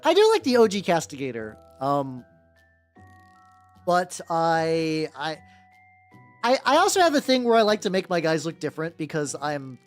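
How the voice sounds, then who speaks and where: A man with a higher-register voice streaming as he paints miniatures, chatting casually with viewers and rambling with lots of "like" and restarts. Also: wildly swooping pitch, normal speed, pauses often, faint music behind. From United States. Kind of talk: casual livestream chat.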